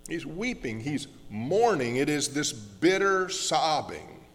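A man preaching a sermon as pastor, earnest and slowing down on key words, with frequent restarts. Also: a little high, sing-song, big-room sound. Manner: earnest, slows down for emphasis with many restarts.

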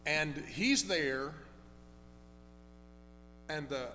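A man preaching a sermon, telling a story in a conversational, halting way with many restarts. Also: fairly high pitch, pushed and bright, faint music behind. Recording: long hall reverb with faint hum.

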